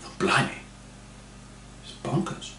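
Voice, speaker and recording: A man's voice: takes it slowly, pushed and bright, roomy sound, slight background noise. A man telling a dry, rambling comic story. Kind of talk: comic monologue.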